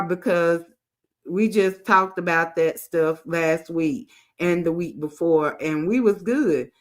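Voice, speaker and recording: A woman hosting a commentary channel, reading text messages aloud and breaking in with her own casual remarks. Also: medium pitch. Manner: reads texts aloud with side remarks, African American Vernacular English grammar.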